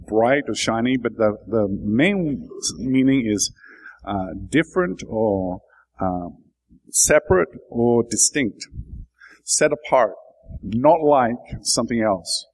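A man's voice: medium pitch, expressive, takes it slowly, low-quality recording. A man giving a sermon, explaining scripture in a thoughtful way and building to emphatic bursts. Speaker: preacher.

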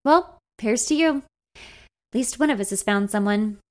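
A woman voicing a young man, an old friend who teases softly and sounds a little nervous. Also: fairly high pitch, moderate pace, close to an everyday voice. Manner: soft, teasing, a bit nervous.

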